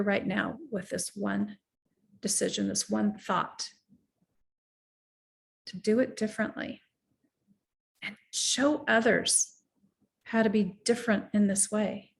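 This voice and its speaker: Middle-aged woman coach talking earnest and reflective, motivational vibe, eases into calm breathing cues. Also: medium pitch, vocal fry. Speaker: life coach. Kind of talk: motivational talk with guided breathing.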